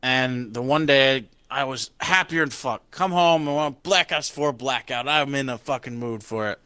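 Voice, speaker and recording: A man's voice: medium pitch, moderate pace, smooth, no echo. A young man casually chatting, telling stories animatedly and swearing a lot. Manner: profane storytelling, laughing and animated. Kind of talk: casual chat.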